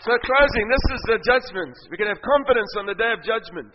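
A man preaching a sermon, telling stories in an animated, joking way and often laughing. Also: very high-pitched, fast, some chatter behind, a little hiss or hum. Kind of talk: sermon storytelling. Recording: echoey hall, dull sound.

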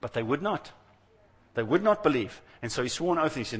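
A man with a husky voice preaches a sermon in a loose, conversational storytelling manner. He slips into the voices of the people he quotes. His words ring out with a long reverb, as if in a large church hall. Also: fairly high pitch, big pitch swings, quick pace.

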